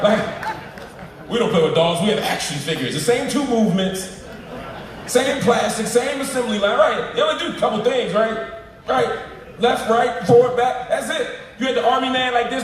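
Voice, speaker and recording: Man, public speech, emphatic, preacher-like, slang asides, distant mic, very echoey hall. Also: sits high. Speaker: keynote speaker. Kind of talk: public speech to a live audience. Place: large lecture hall at an event. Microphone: live stream filmed from the audience. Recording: echoey hall, from far off, livestream.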